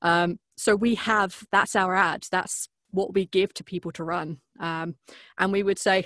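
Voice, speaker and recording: A woman's voice: mid-range voice, moderate pace, no room sound. Female guest from the UK, chatty and self-deprecating, recorded dry and close. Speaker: podcast guest. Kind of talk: casual interview chat.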